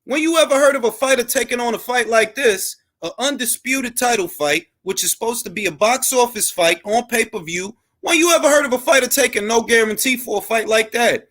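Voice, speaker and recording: Male boxing commentator with a high voice, heated, profane and repetitive. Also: fairly quick, hardly any pauses, fairly bright tone. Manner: emphatic, profane, repetitive ranting. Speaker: boxing content creator and host.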